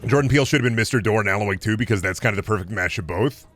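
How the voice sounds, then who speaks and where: A man's voice: on the low side, rapid-fire, fairly bright tone. Guy streaming and rambling, swears a lot, sarcastic, faint music behind. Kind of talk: casual stream chat.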